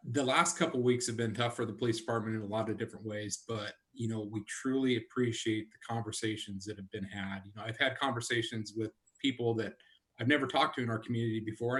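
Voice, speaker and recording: A man's voice: fairly low pitch, a bit bright. A man speaking as police chief at a council meeting, sincere and conversational, with some stammering.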